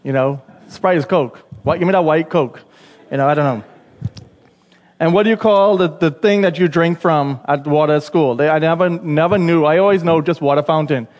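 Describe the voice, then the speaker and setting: Bahamian preacher in a reverberant church. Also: male voice, fairly high pitch, normal speed, a little mellow. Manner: conversational, chatty preaching with asides to the congregation. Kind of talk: sermon.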